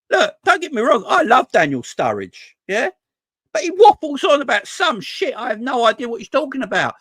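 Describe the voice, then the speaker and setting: A man with a very high, bright, forceful voice rants casually about football as the host of a fan channel, recorded dry. Exasperated, he swears, stumbles over his words and repeats himself when frustrated.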